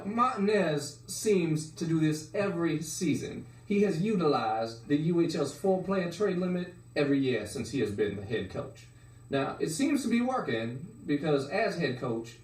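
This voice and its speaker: A man co-hosts a spoof hockey show, breaking down trades with cocky, crude flair. His voice sits a little high. The room echoes and the mic is some way off. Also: big pitch swings, unhurried, darkish tone. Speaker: sports show co-host. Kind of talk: mock sports analysis comedy. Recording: roomy sound from a distance.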